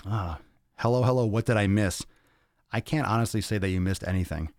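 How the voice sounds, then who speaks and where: A male podcast host, out of breath, chatting casually on a livestream and reading viewer comments in an energetic, profane, rambling way into a podcast mic. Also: fairly low pitch, fairly quick, no echo, studio quality. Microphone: podcast microphone.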